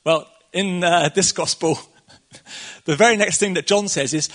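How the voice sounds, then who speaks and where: A man's voice: high-pitched, a little slow, a bit bright. A man preaching a casual sermon, chatty and conversational, laughing often and acting out the quotes.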